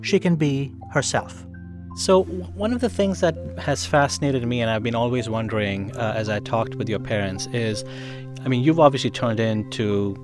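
A man hosting a radio program, narrating in a measured storytelling manner and asking gentle, probing questions. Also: medium pitch. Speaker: host and interviewer. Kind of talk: scripted radio narration and interviewing.

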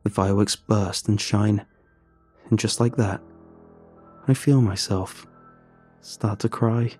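Male storyteller; dark, husky, earnest first-person narration. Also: on the low side, steady tone, takes it slowly, soft background music. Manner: earnest and emotional.

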